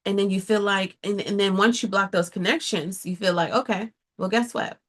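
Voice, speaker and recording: A woman's voice: mid-range voice, steady tone, brisk, fairly bright tone. A middle-aged woman therapist giving earnest, direct advice to viewers, often checking in with a rhetorical "right?". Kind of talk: casual advice talk to viewers.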